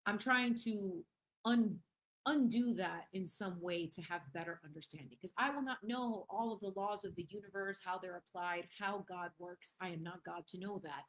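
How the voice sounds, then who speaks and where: A woman hosting a casual livestream chat with her viewers. She talks in a lively, slangy way, slipping Spanish phrases into her English, and her voice sits in an ordinary middle pitch. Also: moderate pace. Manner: laughs often and reads chat aloud. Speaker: livestream host.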